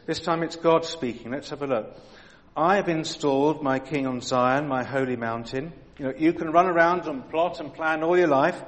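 A man preaching a sermon in a church hall, earnest and dramatic, full of rhetorical questions. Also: medium pitch.

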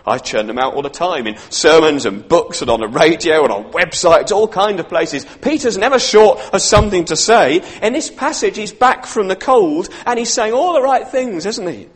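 A middle-aged man preaching a sermon, telling the story in a lively way and voicing the people he quotes. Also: high voice, normal speed, hardly any pauses. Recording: long reverb of a large hall.

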